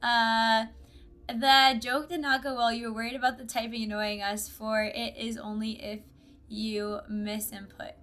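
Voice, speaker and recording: A woman's voice: fairly high pitch, flat delivery, a little slow, fairly bright tone. A woman chatting with viewers on a casual gaming live stream, bubbly and giggly, recorded on a desk mic at home.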